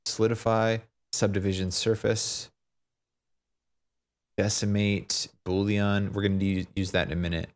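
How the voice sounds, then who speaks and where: A man talking through a software tutorial, thinking aloud, fumbling and poking fun at himself. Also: lowish voice. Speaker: tutorial maker. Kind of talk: unscripted screen-recorded tutorial.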